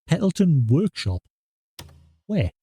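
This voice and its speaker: A man's voice: a little high, big pitch swings, slow pace, warm tone, slightly rough. A man streaming a video game live, chatting casually and coaxing an in-game cat with a playful voice. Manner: chatty, talks to in-game cat, baby-talk and meowing. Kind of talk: live gameplay commentary.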